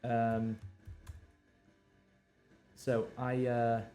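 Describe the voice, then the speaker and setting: Male writer, mid-pitched voice, halting think-aloud delivery, soft music playing behind. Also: monotone. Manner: halting, many fillers and restarts, reads draft lines aloud. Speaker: novelist live-streaming his writing. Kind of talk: thinking aloud while drafting.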